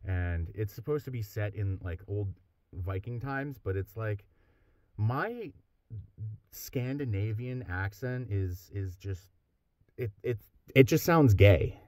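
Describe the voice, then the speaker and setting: A man's voice: on the low side, animated, slow pace, darkish tone, dry recording, clean studio sound. A man who is a powerlifter and audiobook narrator, talking in a casual vlog with a wry, joking, self-deprecating manner.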